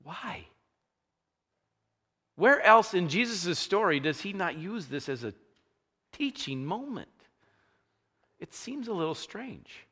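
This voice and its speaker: A man delivers a sermon in a bright, forward voice. His pitch moves a lot as he retells the scene with growing energy. A long hall reverb trails every line. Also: slow, pauses often, slightly rough. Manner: animated storytelling, acting out scenes with rising energy. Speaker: pastor.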